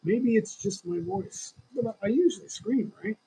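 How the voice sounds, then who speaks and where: A man's voice: high voice, moderate pace, warm tone, slightly rough, low-quality recording. A man in his sixties with a lingering cough, hosting a casual livestream and chatting in a rambling, opinionated way straight to his viewers. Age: 60s. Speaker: livestream host.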